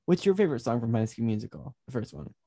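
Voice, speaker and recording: A man co-hosting a podcast in casual chat, with a baritone voice, playful and full of questions. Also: animated, quick pace, warm tone. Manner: chatty, playful, asks many questions. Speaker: podcast co-host.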